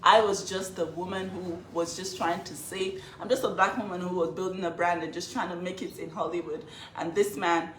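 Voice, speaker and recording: A woman vlogger telling her own story, shaky but defiant, speaking haltingly. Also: on the low side, little pitch movement, slight background noise. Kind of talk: emotional vlog talk. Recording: echoey room.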